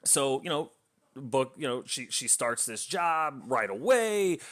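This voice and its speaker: A man's voice: medium pitch, big pitch swings, takes it slowly, a bit bright. A man reviewing a book, casually retelling its plot in a rambling way with lots of fillers and restarts.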